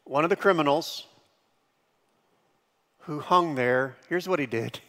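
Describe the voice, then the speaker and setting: A man preaching a sermon as pastor, lively, dropping to hushed tones and bursting into shouted impressions. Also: a little high, slow pace, pauses often, big-room sound.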